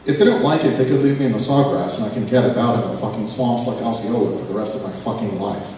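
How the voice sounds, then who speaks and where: A man's voice: medium pitch, fast talker, a little mellow, slight background noise. A man giving a live reading of his own fiction in a sardonic, profane first-person voice, captured at a reading event. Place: reading event venue, hall. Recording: echoey hall from far off, faint ambience.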